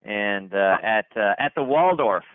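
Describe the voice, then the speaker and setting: A man's voice: fairly low pitch, lively intonation, a little slow, smooth, no echo. Hyped man on a tinny phone line. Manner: hyped, repetitive, stumbling restarts. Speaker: company leader hosting a conference call. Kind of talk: upbeat conference call shout-outs.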